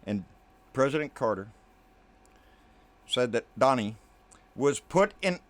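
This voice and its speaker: A man hosting a political commentary channel, delivering an angry, profane rant to camera. He keeps calling the listener "baby" and often sinks into low, muttered asides. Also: expressive, slow.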